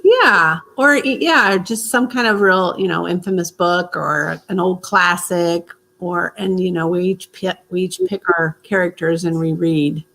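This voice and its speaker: A woman from Missouri hosting a casual group stream, easygoing and quick to laugh. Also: lowish voice, a bit bright. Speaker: host.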